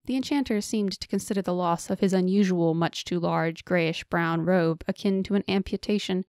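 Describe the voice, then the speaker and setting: A woman narrating a fantasy audiobook with steady storytelling on a close mic. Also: lowish voice, moderate pace, few pauses, dry recording. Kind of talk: scripted narration.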